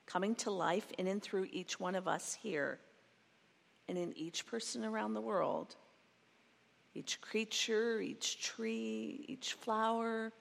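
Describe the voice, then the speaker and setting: A woman gives a sermon at an unhurried, measured pace, reflective and careful with her words. Her voice rings with the long reverb of a large church sanctuary. Her pitch sits in the middle range. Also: vocal fry. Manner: slow, reflective, reads a quoted passage twice. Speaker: preacher.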